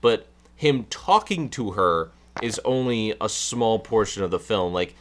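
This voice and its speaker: A man's voice: fairly low pitch, expressive, a little slow. A man co-hosting a casual film review chat, talking with hesitant, stammering restarts. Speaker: podcast co-host.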